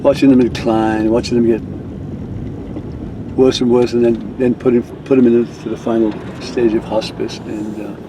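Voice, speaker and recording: A man's voice: mid-range voice, little pitch movement, normal speed, noisy background. An older man, a reverend, telling a rambling personal story with chuckles and restarts. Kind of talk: casual storytelling.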